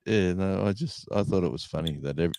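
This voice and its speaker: Man, very deep voice, rambling casual chat, chuckling. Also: quick pace, a little mellow, a little hiss or hum. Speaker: livestream co-host.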